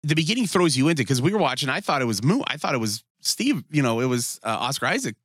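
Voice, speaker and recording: A man's voice: medium pitch, sing-song, fast talker, a bit bright, husky, no room sound, clean studio sound. A man co-hosting a podcast in casual chat, telling stories with profanity and acted-out quotes. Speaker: podcast co-host.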